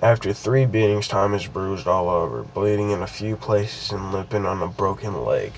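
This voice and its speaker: A young man reads a creepypasta aloud in a casual way, his voice sitting low and creaky with lively intonation at a normal pace. He keeps stopping to ramble and restart sentences, full of fillers. The low-quality recording carries a little hiss or hum.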